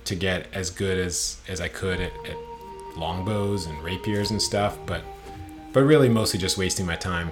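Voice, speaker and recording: Man playing a lowish, mock-British young elf, unhurried and smug. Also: close to an everyday voice.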